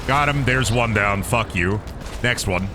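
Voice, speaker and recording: A man's voice: fairly low pitch, unhurried, over music. A man giving casual, joking, profane commentary to himself while streaming a game.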